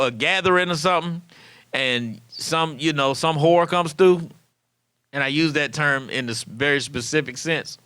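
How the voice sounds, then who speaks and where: A man in his thirties hosting a comedic podcast monologue, acting out quoted dialogue in an animated way. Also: on the high side, clear, resonant tone, no room sound. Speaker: podcast host.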